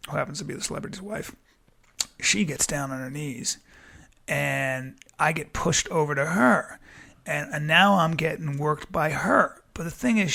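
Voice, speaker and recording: A man telling a comic story with great excitement. He acts out the voices of the people in it and often stammers. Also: high-pitched, creaky. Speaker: comedian guest.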